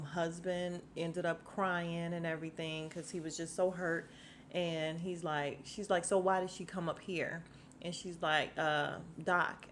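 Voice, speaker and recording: A woman's voice: lowish voice, a little hiss or hum. A woman hosting a casual podcast, chatting her way through a TV episode recap and retelling scenes in quoted voices. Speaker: podcast host recapping a TV show.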